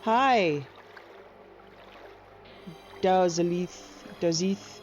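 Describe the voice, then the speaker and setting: A woman's voice: on the low side, slow pace, pauses often, darkish tone, lo-fi sound, faint music behind. A woman giving playful, casual gameplay commentary, cooing at her companion in baby talk and cracking jokes at her own expense. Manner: jokey, teasing, self-mocking asides. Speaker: gameplay streamer.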